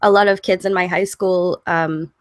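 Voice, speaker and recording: A lower-pitched Canadian woman, a content creator, talks over a dry video-call line while she is losing her voice. She speaks in a measured, hesitant way, with plenty of ums. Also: fairly even intonation, dry recording. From southern England, raised in Canada. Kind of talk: casual online chat.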